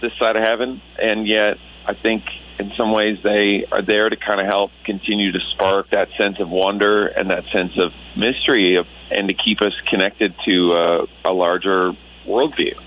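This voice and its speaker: Earnest reflective man, lower voice. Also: steady tone, normal speed, few pauses, phone-quality sound. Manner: earnest and reflective, with many restarts. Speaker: Christian musician guest. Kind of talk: casual radio interview.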